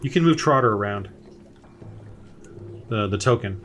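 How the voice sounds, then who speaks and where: A man running a tabletop game as game master, relaxed and hesitant, with many fillers, talking over a home computer mic on a voice call. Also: on the low side, moderate pace, faint music behind.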